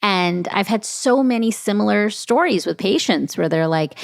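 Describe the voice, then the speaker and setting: A woman's voice: mid-range voice, moderate pace, creaky, hardly any pauses, no room sound, clean studio sound. A woman physician, a guest on an interview show, explaining stress habits and telling stories that act out the dialogue. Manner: animated storytelling, acts out quoted dialogue. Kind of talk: conversational interview.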